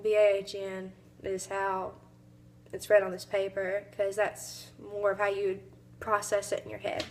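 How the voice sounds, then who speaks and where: A young woman from the American South presents an informative speech to her class. Her Southern accent colors the talk, and she hesitates often with ums. Her voice sits at an ordinary middle pitch. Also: completely flat delivery, unhurried. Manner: hesitant, many fillers, mimics accents briefly. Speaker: student giving a speech.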